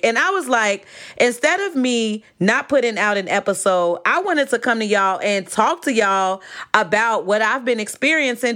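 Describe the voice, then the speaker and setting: A woman from Chicago hosting her own podcast, talking casually and animatedly to her listeners. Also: on the high side. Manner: chatty and animated, addressing listeners as "y'all". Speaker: podcast host. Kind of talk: casual solo podcast talk. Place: home.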